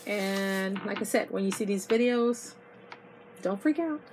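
A woman's voice: medium pitch, measured pace. A middle-aged woman chatting to her viewers in a casual haul video, gushing and losing her voice. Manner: chatty and gushing, addresses viewers as "you guys". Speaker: vlogger. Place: inside an RV. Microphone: iPod. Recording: noisy home video.

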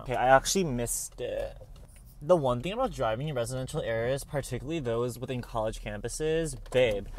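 A man's voice: medium pitch, slight background noise. A young man talking casually through a vlog as an art student, chatty and playful, calling the viewer babe. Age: young adult.

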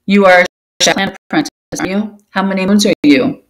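A woman's voice: mid-range voice, quick pace, natural voice, poor audio. A woman voicing a stern, wise old male warrior cat who lectures young apprentices in a storybook reading. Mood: stern lecturing. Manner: gently scolding, lecturing.

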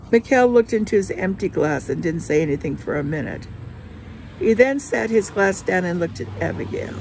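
A woman reading a novel aloud with steady storytelling narration. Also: on the low side, moderate pace, creaky, background noise. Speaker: reader.

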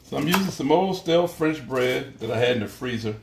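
A man's voice: medium pitch, animated, brisk, creaky, noisy background. A man with a Southern US accent hosting a live cooking show, chatting in a playful, folksy way. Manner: folksy, playful, drawling talk with y'all. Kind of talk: casual live cooking stream. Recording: echoey room, mic at a distance.

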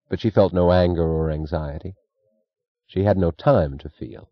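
A man narrating an audiobook in a measured, even reading. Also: low voice, dry recording, lo-fi sound. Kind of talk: scripted narration.

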